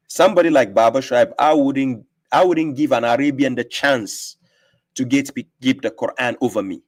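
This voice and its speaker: A man hosting a live stream on religion lectures emphatically in a casual debate, often throwing rhetorical questions at his listener. His voice is mid-range with a darkish tone.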